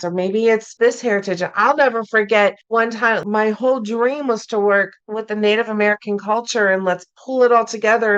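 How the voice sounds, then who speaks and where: A woman's voice: medium pitch, fairly bright tone, highs cut off. A woman mental health clinician, a podcast guest, answering in an emphatic storytelling way and repeating her key phrases.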